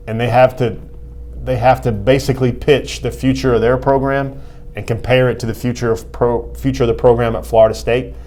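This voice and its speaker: A man's voice: medium pitch, a little mellow. A man who reports on college football recruiting, explaining his views in a thoughtful way with frequent fillers. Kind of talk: sports talk analysis.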